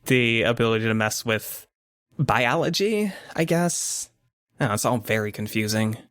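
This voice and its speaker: A man doing a wry teenage girl with a lazy drawl, teasing and streetwise, voiced in a tabletop actual-play. The pitch stays close to his own middle register, and the sound is dry and close. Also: expressive, normal speed, fairly bright tone, dry recording, natural voice. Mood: blunt.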